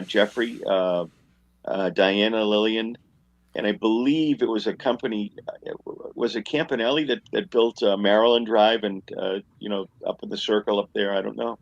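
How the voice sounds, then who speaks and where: A man reminiscing at home in his recliner, talking haltingly with many fillers, heard over a dull lo-fi remote line. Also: fairly low pitch, fairly even intonation, no room sound. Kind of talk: casual chat, reminiscing.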